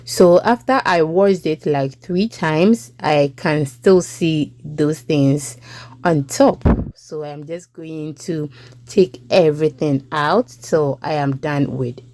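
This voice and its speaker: A woman's voice: sits low, takes it slowly, darkish tone. A young Ghanaian woman with a Ghanaian English accent, chatting through a cooking voice-over as a home cook and checking in with listeners.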